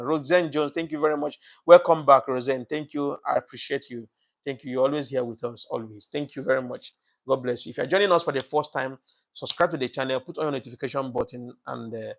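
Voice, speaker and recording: Gravelly man hosting a live stream. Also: mid-range voice, steady tone, quick pace. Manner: thanks viewers by name, repeats himself, many fillers; passionate, preachy political commentary. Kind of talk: casual live broadcast chat.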